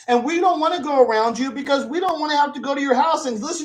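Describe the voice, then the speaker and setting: A man's voice: very high-pitched, fast talker, poor audio. A man hosting a commentary channel, ranting in a scornful, rambling way full of swearing.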